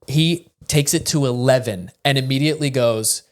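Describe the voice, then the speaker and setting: Man, podcast co-host, casual storytelling, acts out quoted people, mid-range pitch. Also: normal speed. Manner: animated storyteller who acts out the people in his stories.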